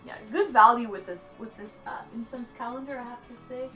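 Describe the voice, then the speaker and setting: A woman's voice: fairly high pitch, steady tone, brisk, fairly bright tone, faint music behind. A woman livestreaming and casually answering her chat aloud, rambling and chatty with some swearing. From Canada.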